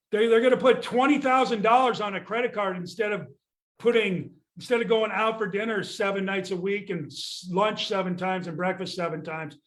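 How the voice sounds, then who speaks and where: With a high, fairly bright voice, an older man rants on a podcast about real estate sales coaching matters, candid, blunt, exasperated, and casually profane.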